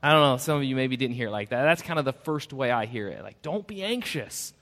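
A man's voice: mid-range voice, fast talker, a bit bright. A man preaching a sermon as pastor, conversational and self-deprecating, acting out the voices he quotes. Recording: long reverb of a church hall.

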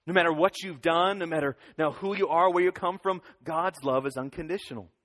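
A man in his thirties giving a lively children's sermon, leading the kids in call-and-response. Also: on the high side, brisk. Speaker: children's pastor. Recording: long hall reverb.

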